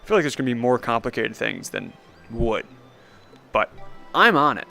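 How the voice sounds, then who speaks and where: A man's voice: mid-range voice, sing-song, moderate pace, gravelly, pushed and bright, faint music behind. A young man streaming a VR game live, commenting sarcastically and laughing often. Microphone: VR headset mic.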